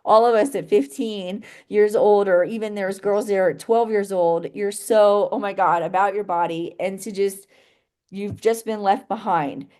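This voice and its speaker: A woman's voice: medium pitch, darkish tone. A young adult woman telling a painful personal story in an interview, rambling and full of "like" and "you know" as she restarts her sentences.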